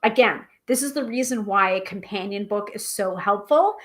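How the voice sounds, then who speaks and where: A woman hosting a live tarot stream, chatting casually and reading aloud from a guidebook, self-deprecating and a little halting over hard names. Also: mid-range voice. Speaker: tarot reader and livestream host.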